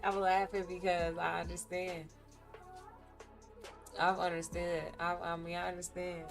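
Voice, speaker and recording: A woman livestreams her day trading, chatting casually with viewers about her ups and downs in a candid, animated way. Her voice is lowish and level in tone, with a measured pace. Faint music plays in the background.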